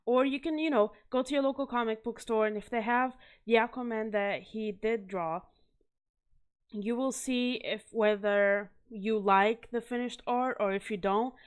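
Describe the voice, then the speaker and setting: A woman with a smooth, medium-pitched voice hosts a casual video review of comic art. She's chatty and enthusiastic, often pausing to correct herself and laugh nervously.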